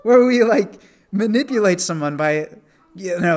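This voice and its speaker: A man's voice: sits high, animated, a little slow. A man teaching a Bible study in a conversational way, often asking rhetorical questions.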